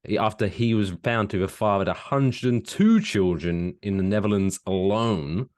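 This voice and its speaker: A man, co-hosting a casual podcast, telling stories with lively, swooping emphasis. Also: normal speed. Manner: animated storytelling, swooping pitch, laughs while talking. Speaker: podcast co-host.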